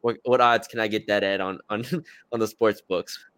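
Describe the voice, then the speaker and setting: Male podcast co-host, low smooth voice, dry close studio sound, casual sports chat. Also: moderate pace, dry recording. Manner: relaxed, hedging with fillers and restarts.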